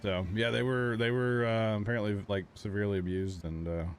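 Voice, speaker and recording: A man's voice: lowish voice, steady tone, a little fast, slight background noise. Chatty man hosting a gaming stream. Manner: chatty, laughs often, greets viewers. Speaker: streamer host. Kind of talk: casual chat while gaming.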